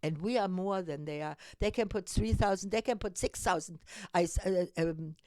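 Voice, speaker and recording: A woman's voice: lowish voice, normal speed, a little mellow, no room sound. A woman hosting her own show, giving an impassioned monologue that urges listeners to get engaged. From Europe. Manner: urgent, exhorting, emphatic repetitions. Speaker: host of a civic call-to-action show. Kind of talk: impassioned direct-to-camera monologue.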